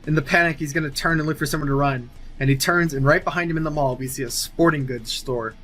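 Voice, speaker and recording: A man's voice: a little high, fairly even intonation, quick pace, a bit bright, soft background music. A man casually narrating an imagined film sequel, thinking aloud with many fillers and restarts. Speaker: movie sequel writer.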